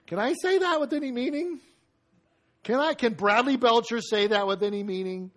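High-voiced male preacher telling a story. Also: normal speed. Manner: lively storytelling, acting out scenes and quotes. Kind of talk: sermon.

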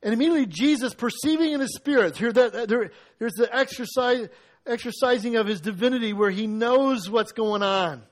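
A man preaching a sermon, retelling a scripture story in a lively, conversational way and acting out the lines. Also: very high voice, fairly quick.

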